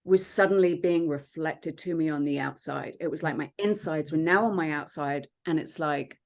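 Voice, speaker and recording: A woman, a podcast guest, telling her own story in an earnest, reflective way with many pauses and fillers. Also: sits low. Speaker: podcast guest, transformation coach. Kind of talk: personal storytelling in conversation.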